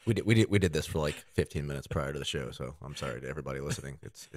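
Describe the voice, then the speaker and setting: Quick, deep-voiced young man cracking jokes. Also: no room sound, studio quality. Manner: quick, joking interjections and questions. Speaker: podcast co-host. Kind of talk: casual chat.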